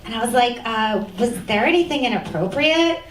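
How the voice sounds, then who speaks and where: High-voiced woman doing deadpan stand-up. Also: moderate pace. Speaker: stand-up comedian. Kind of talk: stand-up comedy set. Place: comedy club stage. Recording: echoey club, captured from a distance. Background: audience laughter.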